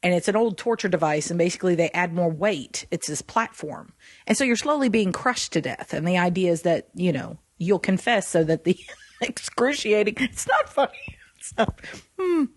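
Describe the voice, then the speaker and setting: A woman co-hosting a Christian podcast, talking in an animated way and laughing often. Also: lowish voice, fairly quick, no room sound, clean studio sound. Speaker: podcast co-host.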